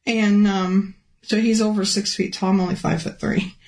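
A woman telling a personal testimony in a halting, restart-filled way, her voice rising high and emotional when she recalls pleading. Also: little pitch movement, a little mellow, poor audio. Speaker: guest telling a near-death testimony. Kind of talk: personal testimony, casual storytelling.

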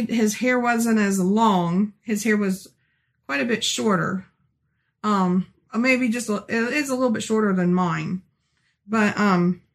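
A woman in her forties giving an emotional religious testimony, earnest and halting, often restarting her sentences. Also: a little high, fairly bright tone. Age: 40s. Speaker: speaker sharing a personal testimony.

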